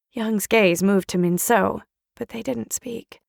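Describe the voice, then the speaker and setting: A woman's voice: mid-range voice, fairly even intonation, takes it slowly, vocal fry, no echo, studio quality. A woman narrating an audiobook in a dramatic, emotional first-person reading. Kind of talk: scripted narration.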